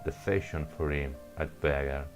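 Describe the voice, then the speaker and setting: A man reading the part of a gruff giant foreign soldier, in a plain reading voice. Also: extremely low pitch, normal speed, faint music behind.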